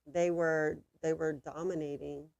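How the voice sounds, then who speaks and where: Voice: medium pitch, little pitch movement, measured pace, gravelly, darkish tone, no room sound, highs cut off. A co-host on a casual live watch-party stream, blunt and dismissive, who also reads out questions from the chat.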